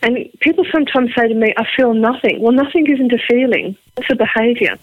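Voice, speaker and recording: Woman from Liverpool, psychotherapist guest, animated, emphatic, tinny phone sound, dry. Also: a little high, fast talker, no room sound. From Liverpool, England. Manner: animated, emphatic, acts out quotes. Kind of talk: conversational interview storytelling.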